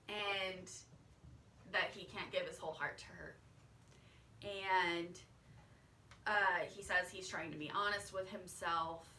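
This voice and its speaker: Bright, chatty young-sounding woman vlogger. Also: on the low side, steady tone, measured pace, pauses often, recorded from a distance, a little hiss or hum. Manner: rambling with many fillers and likes. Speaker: vlogger recapping a TV show. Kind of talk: casual recap chat. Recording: echoey room, off-mic.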